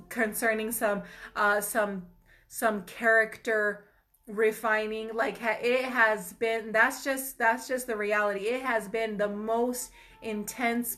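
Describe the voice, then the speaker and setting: Bright high-voiced woman sharing testimony. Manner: earnest, emotional, addresses viewers as you guys. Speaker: ministry host. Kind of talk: personal testimony and encouragement.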